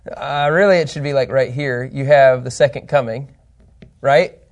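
A man teaching an informal Bible lesson, animated and chatty, often checking in with his listeners and his co-host. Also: medium pitch, unhurried, dull audio.

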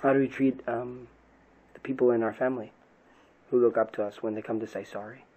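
A man's voice: medium pitch, fairly even intonation, brisk, dark tone, rough recording. A man, a pastor, giving an earnest podcast talk on parenting and faith, often asking rhetorical questions.

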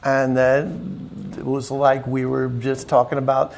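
A man, a musician guest, chatting casually and telling animated stories. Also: slow pace, vocal fry, slight background noise. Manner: animated storyteller, raises pitch to imitate others. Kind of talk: casual chat.

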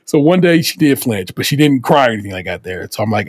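A man hosting a casual podcast, telling stories in an animated way with swearing and acted quotes. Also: medium pitch, fast talker, few pauses, husky, dry recording, studio quality. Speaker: podcast host.

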